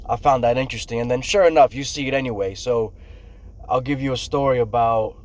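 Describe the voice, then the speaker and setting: A middle-aged man who works in construction, telling a casual, profane story and acting out what people said, loud and animated. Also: medium pitch. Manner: profane, animated storyteller, acts out shouts and quotes. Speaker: construction worker telling stories.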